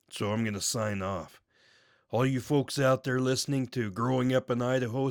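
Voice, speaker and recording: A man's voice: lowish voice, sharp tone, no echo, clean studio sound, heavily acted. A man voicing a laid-back hippie co-host with an easygoing, drawling way of talking. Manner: drawling, easygoing, says "man" and "stay cool". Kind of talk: casual show sign-off.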